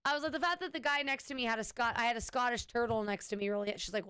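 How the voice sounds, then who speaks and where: Chatty woman streamer, smooth dry voice. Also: fairly high pitch, rapid-fire, hardly any pauses, bright, forceful tone, no echo. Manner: rambling, with frequent restarts and "anyway"; chatty, thanking subscribers. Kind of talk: casual chat with stream viewers.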